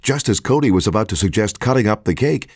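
A man narrating a children's storybook in an expressive, sing-song read-aloud manner. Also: lowish voice, fast, husky, no echo. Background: music.

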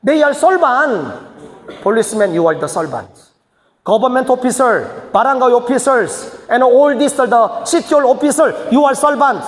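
Guy with a really high voice, senior pastor teaching, choppy emphatic lines, big echoey hall. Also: animated, moderate pace. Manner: choppy non-native phrasing, emphatic bursts. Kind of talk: teaching seminar sermon.

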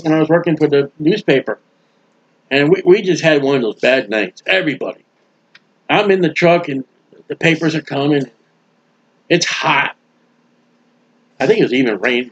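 A man preaching a sermon in a folksy, animated way, acting out the voices of people he quotes. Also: fairly high pitch, breathy edge, muffled recording. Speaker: street preacher.

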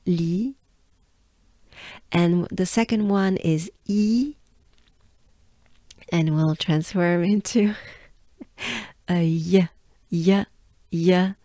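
A woman's voice: lowish voice, slow, long pauses, mellow, dry recording, clean studio sound. A woman from France with a French accent, teaching pronunciation patiently and breaking words into syllables. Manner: patient, drills sounds syllable by syllable. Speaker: pronunciation coach. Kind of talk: slow pronunciation lesson.

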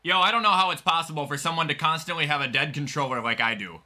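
A young man calling his own wrestling video game like a play-by-play announcer, yelling at the big moves and swearing about the game between calls. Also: on the high side, sing-song, fast talker, few pauses. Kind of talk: excitable play-by-play commentary.

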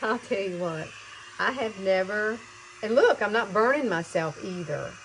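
A woman over fifty talks through her hair routine in a casual home tutorial. She is chatty and excitable and calls her viewers girl. Her voice sits mid-pitch over a faint background hiss. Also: unhurried, poor audio. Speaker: beauty vlogger.

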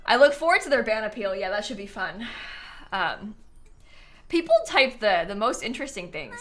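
A bright-voiced woman chats casually as she plays a game on stream, her pitch bouncing up and down. She giggles a lot and answers her chat, with faint music under her voice. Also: sing-song, normal speed. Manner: chatty, giggly, talks to chat. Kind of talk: casual gameplay commentary.

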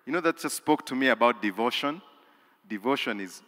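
A man preaches a sermon in a large cathedral, his voice bright and forceful, with pitch that climbs and falls a great deal. He drops to hushed lines, then rises to loud, repeated, emphatic phrases. Long hall reverb trails after every word. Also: expressive, a little fast. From Uganda.

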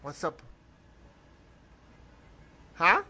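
Slow, bright-voiced man narrating a walkthrough. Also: slight background noise. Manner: rambling, coughs often, reads game text aloud. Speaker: let's play host. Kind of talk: casual game walkthrough commentary.

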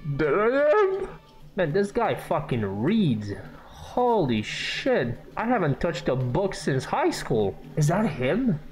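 A man's voice: a little high, huge pitch swings, slow. Swearing young man riffing over game music. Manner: joking, swearing, reacts loudly. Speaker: gaming YouTuber. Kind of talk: casual gameplay commentary. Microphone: scuffed mic.

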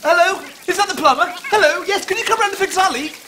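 A man's voice: extremely high pitch, fast, background noise. A man presenting a scripted children's TV comedy, grumbling theatrically in an exaggerated, mock-cheerful way.

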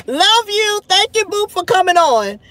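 High-voiced woman in her thirties, live-stream host, gossipy and excitable. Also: measured pace, very noisy. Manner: animated, gossipy, full of "child" and "honey". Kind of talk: casual live-stream chat.

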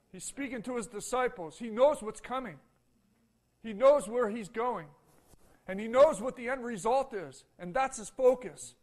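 A man preaching a sermon as pastor in a church, emphatic and full of repeated rhetorical questions to the congregation. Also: very high-pitched. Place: church sanctuary.

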